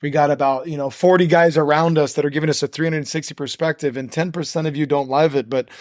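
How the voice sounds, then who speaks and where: A man's voice: a little high, steady tone, fast, no room sound, clean studio sound. A man speaking as a guest on a podcast, talking in earnest, preachy run-on phrases. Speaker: guest, nonprofit co-founder. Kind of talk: conversational podcast interview.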